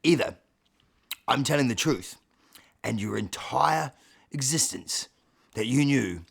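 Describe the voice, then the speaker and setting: Man voicing a talking cat, male, laid-back, low drawl, crude, gravelly. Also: heavily acted. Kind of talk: comedic storytelling.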